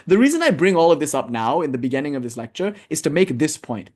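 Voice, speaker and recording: A man giving a casual, animated spiritual lecture, telling stories and acting out what people say. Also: fairly high pitch, fast talker. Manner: animated storytelling, casual, acts out quotes. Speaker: spiritual teacher.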